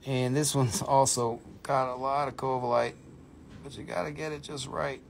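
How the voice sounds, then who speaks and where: A man's voice: medium pitch, flat delivery, normal speed, vocal fry, a little hiss or hum. A man hosting a live sale stream from a phone indoors, chatty and playful as he rattles off prices. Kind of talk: casual live-stream selling. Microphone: phone camera.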